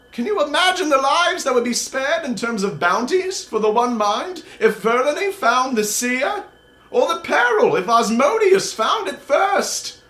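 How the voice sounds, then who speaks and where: A man voicing a fussy, nervous elderly male wizard in a tabletop game, speaking in a shrill, exclamatory way. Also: a bit bright, full character voice. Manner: shrill, exclamatory, high-pitched. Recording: roomy echo.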